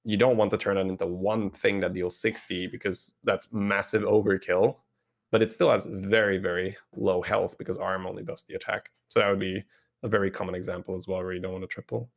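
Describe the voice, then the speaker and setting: A man co-hosting a casual game-strategy podcast, explaining things in a measured way with the odd "um". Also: sits low, little pitch movement, vocal fry. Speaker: podcast co-host.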